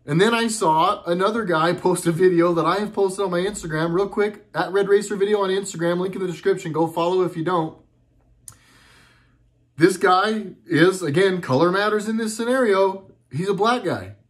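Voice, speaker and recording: Man, middle-aged, slightly high voice, casual vlog monologue, earnest, rambling, halting restarts. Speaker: video blogger. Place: at home.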